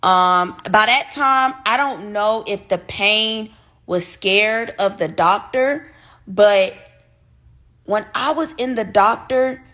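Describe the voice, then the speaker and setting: Woman, casual storytime vlog, candid and animated, swears freely, talks to viewers, mid-pitched voice. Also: slow. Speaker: vlogger telling a personal story.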